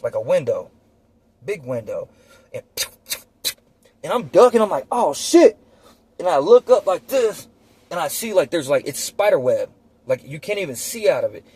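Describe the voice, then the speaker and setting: A young man telling a personal story casually, animated and slangy with plenty of swearing, acting out gunshots with mouth sounds. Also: fairly high pitch, normal speed, pauses often, slightly rough. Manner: profane, slangy; winds down quiet and reflective at the end.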